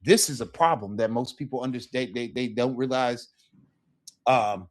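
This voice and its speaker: A man's voice: medium pitch, moderate pace. A man teaching a casual Spanish lesson, talking loosely and checking in with "right?" as he acts out sample phrases.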